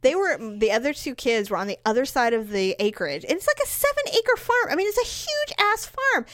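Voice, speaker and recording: Animated middle-aged woman telling stories. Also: high voice, brisk, no echo. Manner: animated, acts out quoted voices with big jumps up. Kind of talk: casual storytelling chat.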